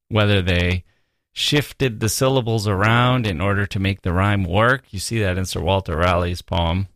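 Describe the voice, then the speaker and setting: Brief: male podcast host, low-voiced, musing through literary commentary. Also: no room sound. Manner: musing, with soft laughs and quoted readings.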